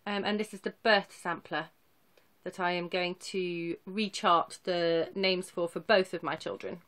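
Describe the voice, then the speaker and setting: A woman's voice: lowish voice, fairly even intonation, a little slow, a bit bright. A woman in her thirties talking casually to camera, showing her cross-stitch projects in a rambling, self-deprecating way. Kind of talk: casual chatty show-and-tell.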